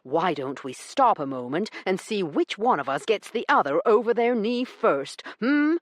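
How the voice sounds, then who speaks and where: A woman voicing a stern, blunt gentleman who lectures with dry sarcasm in an audiobook. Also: medium pitch, sing-song, normal speed, no echo, pitched above the performer's own voice. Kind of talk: audiobook character reading.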